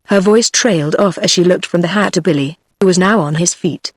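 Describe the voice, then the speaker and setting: A text-to-speech woman's voice with a British English accent, reading a novel aloud in even, machine-paced narration. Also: on the low side, fairly quick, hardly any pauses, no room sound, studio quality. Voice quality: even, machine-read delivery. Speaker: audiobook narrator. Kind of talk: synthetic audiobook narration.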